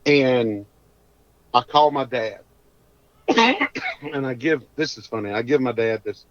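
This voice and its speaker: A man's voice: mid-range voice, big pitch swings, slow, no room sound. A man, a podcast guest telling a hunting story in a folksy, rambling drawl. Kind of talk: casual storytelling. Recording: dull dry lo-fi audio.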